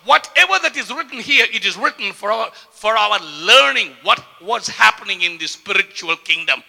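A man preaching a sermon with passion, often repeating words and swinging from quiet to loud. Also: sits high, lively intonation, moderate pace, gravelly. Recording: long hall reverb.

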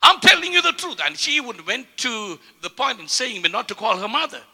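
Man preaching, high pitched, bright sharp tone, fervent repetitive delivery, long hall reverb. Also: very animated, a little fast, creaky. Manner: impassioned, repeats words, swings from soft to loud. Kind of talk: sermon.

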